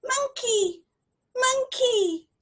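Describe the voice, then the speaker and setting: A woman's voice: very high voice, extremely slow, fairly bright tone, pitched above the performer's own voice, exaggerated voice. A woman voicing a small, tearful boy who pleads for his toy monkey. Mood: wanting. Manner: pleading, childlike.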